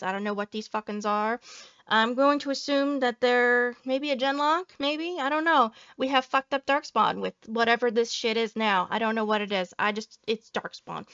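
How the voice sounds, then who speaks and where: A woman's voice: fairly high pitch, fairly bright tone, smooth, no echo, lo-fi sound. A woman VTuber giving a salty, profane reaction commentary, ranting and joking at her viewers. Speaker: VTuber streamer.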